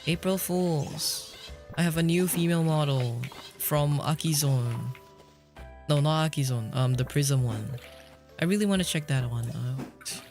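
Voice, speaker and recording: A man's voice: fairly high pitch, unhurried, darkish tone. A young man streaming a game, chatting casually with his viewers, rambling and laughing often. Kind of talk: casual livestream chat while gaming. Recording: faint background music.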